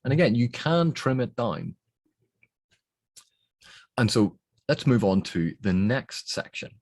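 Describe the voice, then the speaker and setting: A man's voice: medium pitch, sing-song, takes it slowly, darkish tone, no room sound. A man explaining editing techniques on a novel's text, thinking aloud in a methodical way. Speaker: book reviewer.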